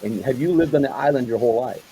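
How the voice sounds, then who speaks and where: A man's voice: mid-range voice, quick pace, dark tone, a little hiss or hum, poor audio. A man hosting a casual interview, talking loosely and rambling, with lots of fillers and agreeing noises. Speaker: host.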